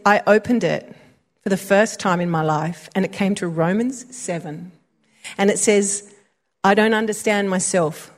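A woman preaching, telling a friend's conversion story with animated energy and laughter. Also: a little high. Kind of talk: sermon storytelling.

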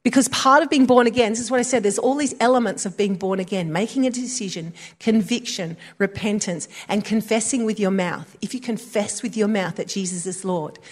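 A woman preaching, telling a friend's conversion story with animated energy and laughter. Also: mid-range voice, a little fast, few pauses. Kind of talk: sermon storytelling.

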